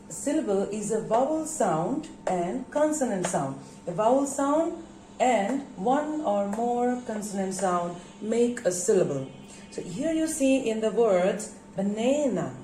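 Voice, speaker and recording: A woman's voice: mid-range voice, mellow, slight background noise. A woman with a Bangladeshi English accent teaching an English pronunciation lesson to schoolchildren, spelling words out letter by letter and answering her own questions. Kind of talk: recorded classroom lesson on pronunciation. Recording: echoey room.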